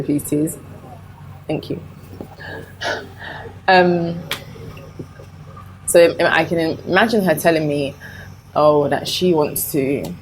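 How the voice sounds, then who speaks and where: A young woman talks to her camera in a loose, chatty way, full of fillers and restarts. Her voice sits a little low for a woman. She speaks openly and personally, with a faint hiss behind her. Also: darkish tone, rough recording. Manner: open and personal. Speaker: vlogger. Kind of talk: casual chat to camera.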